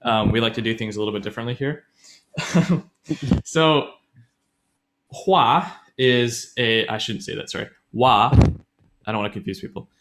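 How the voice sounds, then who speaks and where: A man with a mid-range, slightly bright voice speaks at a moderate pace while co-hosting a casual podcast. He chats his way through a language grammar lesson, often correcting himself mid-sentence.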